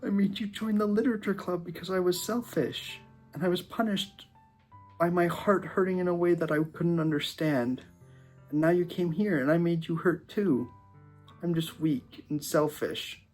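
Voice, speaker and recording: A man's voice: high voice, normal speed, faint music behind, pitched above the performer's own voice. A man voicing a tearful, guilt-ridden schoolgirl. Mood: tearful, guilty. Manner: soft, self-blaming and tearful. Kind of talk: voiced visual novel reading.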